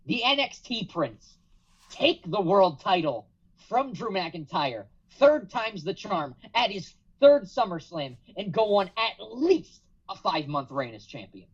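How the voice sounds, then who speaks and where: With a husky, slightly high voice, a man appearing as a podcast guest spins a lengthy story full of drama. He voices other people's quotes and uses some profanity, all in dull, lo-fi audio.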